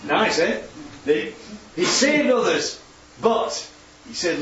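A man's voice: sits high, big pitch swings, slow pace, a bit bright. A man giving an informal Bible teaching talk, chatty and full of tag questions. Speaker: preacher teaching from slides. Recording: echoey room, distant dull mic, faint hum.

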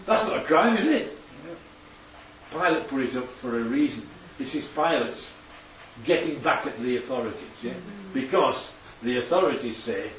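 A man's voice: medium pitch, expressive, normal speed, a bit bright. A man giving an informal Bible teaching talk, chatty and full of tag questions. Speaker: preacher teaching from slides. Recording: echoey room, distant dull mic, faint hum.

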